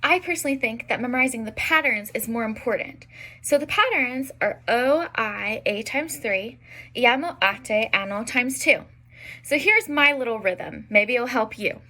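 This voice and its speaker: A young woman teaching an online language lesson, spelling out examples slowly with frequent fillers. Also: fairly high pitch, lively intonation, sharp tone. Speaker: Italian teacher.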